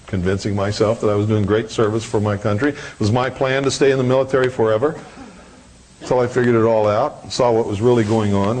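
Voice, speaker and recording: A man's voice: lowish voice, a little mellow, slight background noise. A man giving a live lecture to an audience in a hall, blunt, combative and preachy. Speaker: public speaker.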